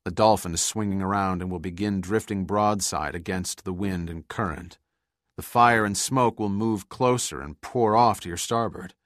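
A calm, commanding sea captain giving firm orders over a radio, read by a deep-voiced male narrator. The voice is low and the sound close and dry. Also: moderate pace, dry recording. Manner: firm, direct. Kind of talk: audiobook character reading.

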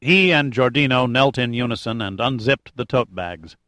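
A man reading an adventure novel aloud in steady, even scripted narration. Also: medium pitch, normal speed, dry recording. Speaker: audiobook narrator.

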